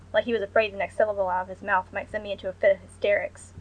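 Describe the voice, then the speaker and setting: Young woman narrating her own story, measured and quiet, mid pitch. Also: little pitch movement, narrow, tinny audio. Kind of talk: first-person story reading.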